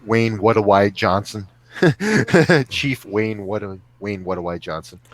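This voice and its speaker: Man, low voice, rambling, laughs a lot, casual podcast guest, remote call. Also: animated, slow pace. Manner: rambling, joking, laughs often. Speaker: guest actor.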